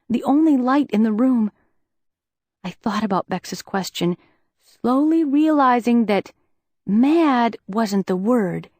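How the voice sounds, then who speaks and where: A woman reading a first-person audiobook with a fairly high voice, measured and earnest. The sound is close and dry, recorded on a studio mic with no room echo. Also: darkish tone. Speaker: audiobook narrator.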